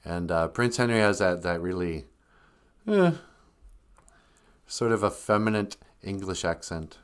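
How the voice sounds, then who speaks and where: A man's voice: low-pitched, animated, measured pace, clean tone. A man hosting a live stream in a casual, rambling way, joking and reading viewer comments aloud.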